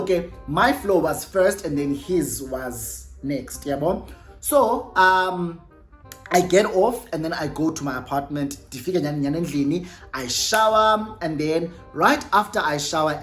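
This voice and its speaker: A young South African woman telling a casual storytime vlog, chatty and self-correcting, slipping in Xhosa words. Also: sits low. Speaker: YouTuber.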